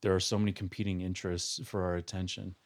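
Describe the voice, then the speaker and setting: A man talking as a podcast guest, thoughtful and measured, drawing on philosophers and advice he gives his clients. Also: low voice, flat delivery. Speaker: guest, counselor. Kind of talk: podcast discussion.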